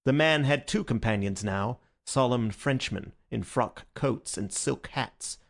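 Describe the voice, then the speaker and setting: Man, audiobook narrator, measured storytelling, gravelly voice, mid-pitched. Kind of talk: scripted narration.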